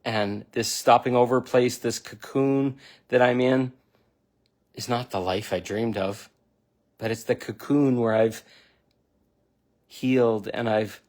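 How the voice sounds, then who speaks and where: A man's voice: fairly low pitch, a little mellow. A middle-aged man speaking as a spiritual self-help speaker, earnest and repetitive, talking straight to the listener in an emotional motivational monologue. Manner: earnest, repetitive, near tears at times; affirming, speaks directly to the listener.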